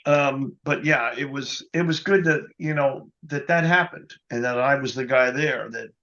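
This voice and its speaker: A man being interviewed as a guest musician, telling an anecdote in a casual, animated way, often adding "you know". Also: mid-range voice, moderate pace, highs cut off. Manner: animated anecdote teller, quotes others, many "you know"s.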